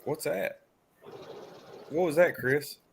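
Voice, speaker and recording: A man hosting a casual fishing livestream chat, teasing friends and often clearing his throat. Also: on the high side, slow.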